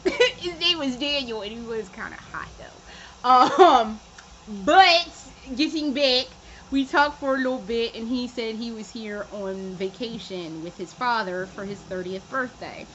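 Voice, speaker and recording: A woman's voice: fairly high pitch, a little slow, a bit bright, highs cut off, slight background noise. A young woman chatting casually in a home vlog, profane and often laughing. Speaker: vlogger. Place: room at home.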